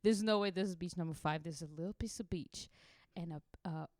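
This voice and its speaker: A woman's voice: lowish voice, fairly quick, darkish tone, dry recording, clean studio sound. A young woman from Israel, a podcast co-host, telling a wild travel story casually, swearing freely and laughing through it.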